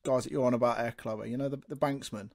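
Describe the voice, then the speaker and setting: Bloke telling a truck story, acts out the voices, dry close sound. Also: male voice, medium pitch, quick pace, vocal fry, dry recording. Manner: animated, acts out quotes. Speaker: podcast co-host, truck driver. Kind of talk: storytelling in casual chat.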